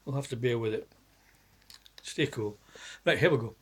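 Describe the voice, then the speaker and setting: A man's voice: medium pitch, moderate pace, husky. A man telling a long spoken joke story, rambling, stopping to correct himself and laughing at his own jokes.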